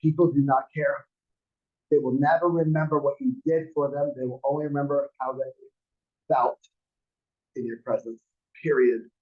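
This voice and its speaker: A man's voice: mid-range voice, steady tone, normal speed, long pauses. A man in his forties teaching a class, rambling through personal anecdotes and acting out quotes in a dull lo-fi recording. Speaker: real estate class instructor. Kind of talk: casual storytelling lecture.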